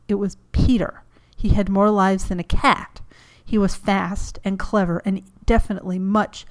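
Woman narrating, low and gravelly. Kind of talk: audiobook reading of a story.

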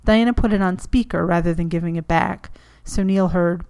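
Woman narrating, low and gravelly. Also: normal speed, few pauses, a little mellow. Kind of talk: audiobook reading of a story.

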